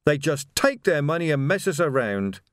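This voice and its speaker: A man's voice: fairly high pitch, moderate pace, no echo, clean studio sound, close to an everyday voice. A man voicing a grieving, bitter male militiaman who weeps and rails against the world. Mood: bitter despair. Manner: bitter, wailing. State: crying.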